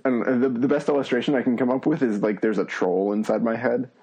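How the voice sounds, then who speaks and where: A man's voice: mid-range voice, fairly even intonation, a little fast, warm tone, husky, lo-fi sound. A man in casual chat, self-deprecating and rambling.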